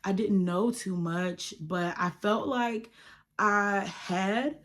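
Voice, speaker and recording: A young woman telling a personal faith story to camera in a casual, animated way, acting out the dialogue. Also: mid-range voice, slow. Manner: animated, quotes others in dialogue, addresses viewers as y'all. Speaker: YouTuber sharing her testimony.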